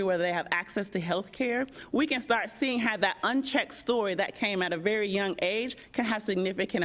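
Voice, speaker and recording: A woman's voice: medium pitch, fairly bright tone. An American woman, a workshop facilitator, speaking on a panel in an engaging, conversational way and asking the audience questions. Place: event hall.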